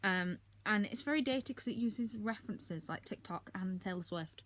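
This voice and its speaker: A woman talking through the books she read this month in a relaxed, candid way. She fills her sentences with ums and throws in blunt little asides. Her pitch sits in an ordinary middle range for a woman. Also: moderate pace. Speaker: book reviewer. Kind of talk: casual monthly reading wrap-up.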